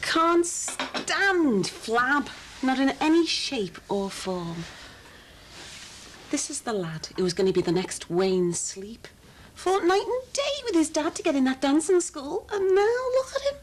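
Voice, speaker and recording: A bossy mother who scolds without pause. Her voice sits high and leaps around. A faint hiss runs under it. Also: big pitch swings. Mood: scornful. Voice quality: scolding, blunt. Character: bossy, sharp-tongued middle-aged mother. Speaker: mother visiting her son. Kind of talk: TV soap acting.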